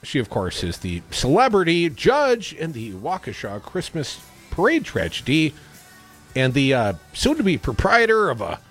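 A man hosting a talk radio show, reading news items and adding sardonic asides. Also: a little high. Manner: sardonic, animated.

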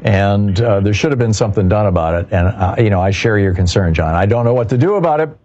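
A man hosting a call-in radio talk show, taking callers and answering in a measured way with many fillers. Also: fairly low pitch, animated, darkish tone. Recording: muffled radio broadcast.

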